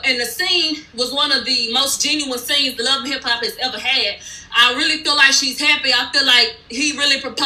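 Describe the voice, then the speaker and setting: A woman's voice: high-pitched, pushed and bright, reverberant, poor audio. A woman giving a blunt, profane, sassy recap of a reality TV episode in casual speech.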